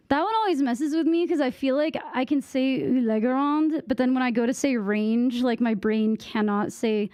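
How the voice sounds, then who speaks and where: A young woman from the United States with a high voice chats slowly and playfully with her stream audience, often laughing. Her voice is close and dry, with no room sound. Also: darkish tone, clear, resonant tone, no echo. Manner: giggly, chatty, tries out French phrases. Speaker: game streamer. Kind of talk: casual live-stream chat with viewers.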